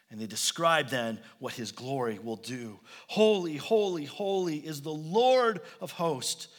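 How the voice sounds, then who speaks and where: High, bright-voiced man preaching in a hall. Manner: emphatic preaching with rising declarations. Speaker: pastor. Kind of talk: sermon.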